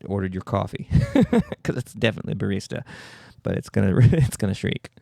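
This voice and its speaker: A man's voice: on the low side, very animated, fairly quick, gravelly, dark tone, no room sound, clean studio sound. A man hosting a podcast, riffing through a rambling, profane comedic monologue and interrupting himself constantly. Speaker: podcast host.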